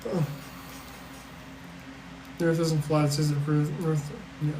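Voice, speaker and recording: A man's voice: a little high, little pitch movement, unhurried, reverberant, noisy background. A man hosting a casual livestream, answering chat questions in a rambling, blunt, profane way with sarcastic asides and a weary edge. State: tired. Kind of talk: casual live-stream chat.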